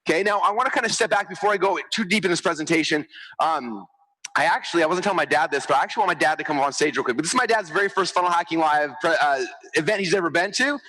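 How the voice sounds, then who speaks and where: Fast-talking guy on stage, bright punchy voice, hyped up, acts out the quotes. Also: on the high side, poor audio. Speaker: speaker on stage. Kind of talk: energetic stage presentation. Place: large event stage.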